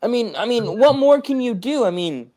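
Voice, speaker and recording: A man co-hosting a sports podcast, talking in a rambling, animated way and acting out quotes. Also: extremely high pitch, normal speed. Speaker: podcast co-host. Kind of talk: casual sports chat.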